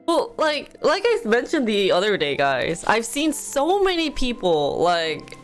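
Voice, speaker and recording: A woman chatting casually on her livestream, rambling from thought to thought and giggling often. Her pitch swings up and down in a lively way. Faint music plays behind her. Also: measured pace, hardly any pauses. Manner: rambling, giggly, heavy use of "like". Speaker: livestream host.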